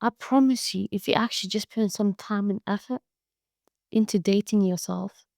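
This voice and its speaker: A woman's voice: medium pitch, normal speed, gravelly, darkish tone, no room sound, clean studio sound. A woman hosting a podcast solo, talking bluntly and profanely, like a tough-love pep talk. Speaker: podcast host. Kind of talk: casual monologue.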